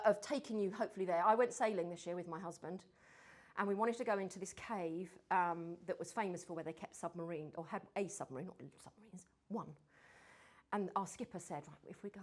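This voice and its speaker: A woman giving a lively talk on storytelling to a group, acting out her stories and sometimes dropping to a whisper for suspense. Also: medium pitch. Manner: animated, mimics accents, drops to whispers for suspense. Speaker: speaker on storytelling.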